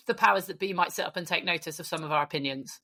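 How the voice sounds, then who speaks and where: A woman's voice: lowish voice, pushed and bright. A woman co-hosting a podcast in cheeky, sweary casual chat. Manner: cheeky, sweary, quick to laugh. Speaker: podcast co-host.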